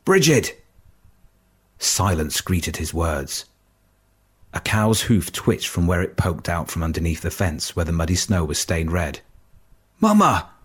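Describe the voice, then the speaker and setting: Slow husky-voiced male narrator. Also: low voice, steady tone. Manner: slow, measured storytelling. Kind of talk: audiobook narration.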